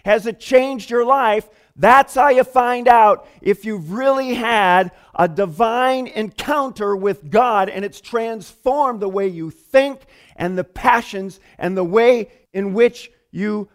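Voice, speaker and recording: A man preaching a sermon to his congregation in an animated, conversational way, with emphatic asides. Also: high-pitched, clear, resonant tone. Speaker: pastor.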